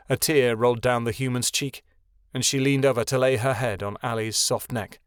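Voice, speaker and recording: Man, audiobook narrator, measured expressive reading, middle pitch, dry close recording. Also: smooth, no room sound. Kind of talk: scripted narration.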